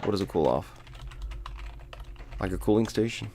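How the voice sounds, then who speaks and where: A man's voice: on the low side, lively intonation, normal speed, gravelly, warm tone, a little hiss or hum. A man hosting a casual video game podcast, rambling and joking with frequent laughs. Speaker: podcast host.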